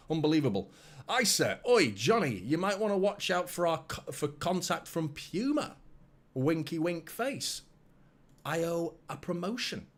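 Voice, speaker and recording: A man hosts a live football watchalong in excitable, chatty talk, greeting viewers by name and often repeating himself. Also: a little high. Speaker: fan channel host.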